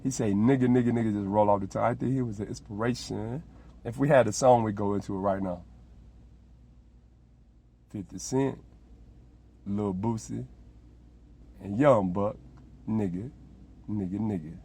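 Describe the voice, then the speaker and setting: A man hosting a podcast alone, delivering a rambling comedic monologue in a profane, animated storytelling manner. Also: lowish voice, moderate pace, vocal fry, long pauses, husky. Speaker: host.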